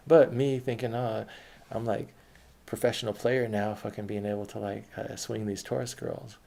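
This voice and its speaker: A man's voice: lowish voice, level tone, normal speed, creaky, mellow. A young man casually telling a story from his life, rambling along and swearing freely.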